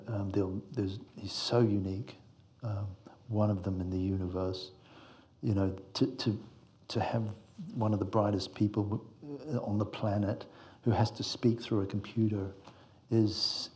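A man's voice: lowish voice, a little mellow. A male screenwriter giving reflective, meandering interview answers, fond of analogies.

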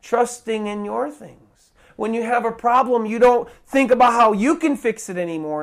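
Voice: mid-range voice, normal speed, gravelly. Urgent, pleading evangelistic preacher. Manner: restarts phrases often. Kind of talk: evangelistic sermon.

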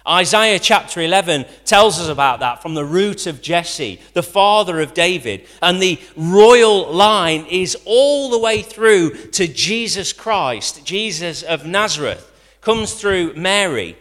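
A man preaching a sermon, lively, rising to loud quotations and dropping to quiet asides. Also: high-pitched, slow pace. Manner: animated, rising to near-shouts when quoting, dropping to quiet asides. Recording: long hall reverb.

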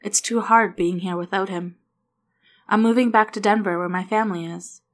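A woman reading as a soft-spoken grieving widow. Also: medium pitch, fairly even intonation, natural voice. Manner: soft, halting with small restarts.

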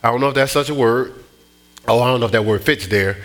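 A middle-aged man preaching a sermon, telling stories in an animated way with many restarts and repeats. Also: medium pitch, fast. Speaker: pastor.

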